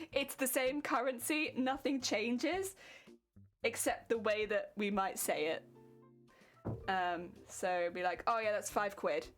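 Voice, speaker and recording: A young British woman streamer chatting casually and giggling as she answers her viewers. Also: medium pitch. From Britain. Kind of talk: casual chat with live chat.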